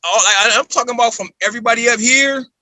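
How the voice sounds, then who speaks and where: A man on a podcast, talking casually and ranting in an animated way, often repeating himself. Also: extremely high pitch, fast talker, no echo. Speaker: podcast guest.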